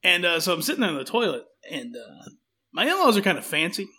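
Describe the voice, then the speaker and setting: Bright, high-voiced man rambling. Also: big pitch swings, fast talker, slightly rough. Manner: rambling, self-deprecating, acts out quotes. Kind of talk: casual storytelling chat.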